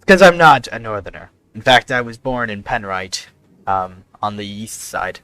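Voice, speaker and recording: Tabletop role-play: a man as an earnest adventurer, bright tone, calm persuasion. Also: fairly low pitch, smooth, no echo. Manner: earnest, confiding, measured persuasion. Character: earnest young man pleading with a guard.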